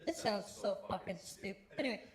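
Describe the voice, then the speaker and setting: A man talking through a pitch-raising "female" voice-changer preset, rambling and mocking himself. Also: animated, quick pace, a crowd in the background. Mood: amused.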